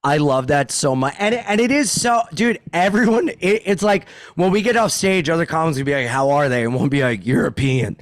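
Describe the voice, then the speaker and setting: A man, a stand-up comedian, talks on a podcast in a fairly high voice that swings lively between bits and impressions. He swears freely and tells stories with a lot of energy. The sound is dry and close, with no room echo. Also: fairly quick, hardly any pauses. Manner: animated, profane, jumps into character voices. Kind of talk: casual podcast chat.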